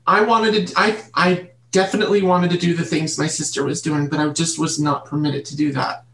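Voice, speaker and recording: A woman guest in an interview, telling her childhood story in an earnest, halting way and repeating words. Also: sits low, steady tone. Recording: roomy echo.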